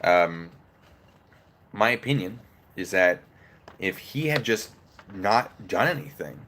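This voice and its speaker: A man's voice: on the low side, expressive, takes it slowly, a bit bright. A man giving opinionated, casual commentary on a legal case, breaking it down step by step while eating.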